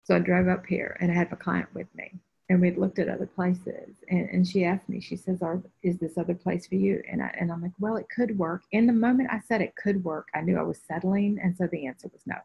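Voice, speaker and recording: Briskly, in a fairly low, husky voice with vocal fry, a woman spiritual teacher relates a personal story on a group video call. She performs the quoted voices with animation, and the sound is dull, lo-fi call audio.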